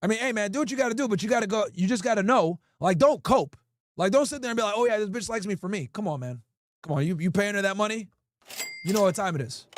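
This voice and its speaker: Speaking fast in a high-pitched, expressive voice, this livestream host talks directly to his chat. He reads viewer comments aloud bluntly and with plenty of profanity while keeping things casual. The recording is dry.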